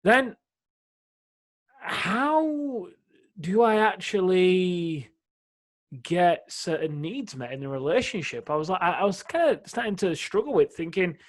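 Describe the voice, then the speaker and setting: A man's voice: high voice, animated, moderate pace. A man co-hosting a casual podcast conversation, talking through his own past struggles in a reflective, open way. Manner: reflective, openly shares personal struggles. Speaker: podcast co-host.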